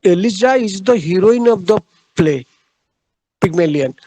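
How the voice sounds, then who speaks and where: A man giving a literature lecture, halting, with frequent fillers and repeated phrases. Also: high voice, animated, dark tone, dry recording, poor audio.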